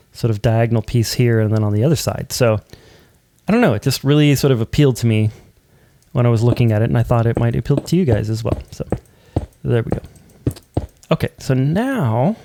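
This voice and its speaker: Hosting a Minecraft building tutorial, this man has a mid-range, dark-toned voice recorded with no echo. He chats casually and thinks out loud while placing blocks, often humming or counting quietly to himself.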